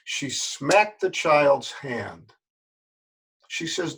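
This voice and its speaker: Older guy, yoga teacher, gravelly voice, kinda high, folksy and earnest, says stuff over and over. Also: expressive, measured pace. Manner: folksy, earnest, repeats words for emphasis. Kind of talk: spoken address to camera.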